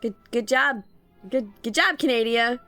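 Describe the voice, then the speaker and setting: A young woman streamer with vocal fry, chatting playfully while she draws and laughing often. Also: on the high side, a little slow, sharp tone, faint music behind. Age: young adult. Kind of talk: casual stream chat while drawing.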